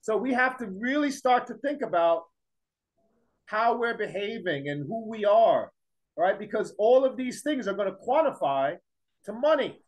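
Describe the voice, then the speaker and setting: A man's voice: sits high, lively intonation, moderate pace, rough recording. A man teaching a class in a classroom lecture, emphatic, repeating his points and firing rhetorical questions at the students.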